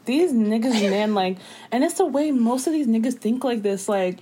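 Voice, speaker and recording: A woman's voice: on the high side, animated, moderate pace, mellow, slight background noise. A woman co-hosting a casual chat, reacting with incredulous asides.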